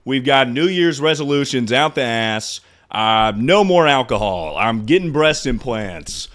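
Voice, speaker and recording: A man in his twenties chatting casually to his livestream audience, out of breath, loud and excitable, swearing freely. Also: mid-range voice, measured pace. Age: 20s. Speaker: streamer.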